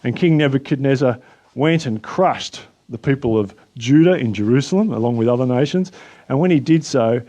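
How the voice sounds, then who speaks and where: A man with an Australian accent hosting a casual Bible talk, relaxed and chatty with frequent fillers. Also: mid-range voice, normal speed. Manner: relaxed, chatty, lots of uh and restarts. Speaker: host and Bible teacher.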